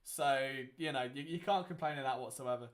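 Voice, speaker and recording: At a medium pitch and a slightly fast clip, this young male host rambles through casual live game commentary. He's chatty and leans on lots of fillers during his watchalong.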